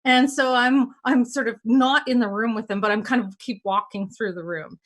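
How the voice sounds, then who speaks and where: A woman hosting a casual talk, telling stories in an animated way and acting out the dialogue. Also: fairly high pitch, normal speed. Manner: animated, acts out quoted dialogue. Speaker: host.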